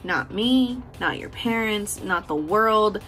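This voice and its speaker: Speaking slowly in an animated, mid-range voice with a slightly bright tone, a beauty vlogger talks to camera over soft background music. Her motivational message to viewers is frank, profane and affectionate, punctuated by frequent laughter.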